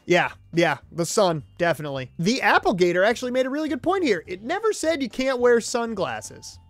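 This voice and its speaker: Young male host, high lively voice, rambling and profane, dry close mic, faint music under. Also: fairly quick, no room sound. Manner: rambling, swearing, self-mocking. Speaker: YouTube host. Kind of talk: casual solo commentary. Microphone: desk mic, close.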